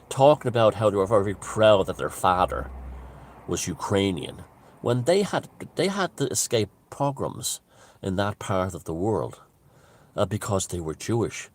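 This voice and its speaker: A man's voice: on the low side, a little mellow. A man giving a casual, rambling monologue, emphatic and full of restarts and asides. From Ireland. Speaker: author and commentator.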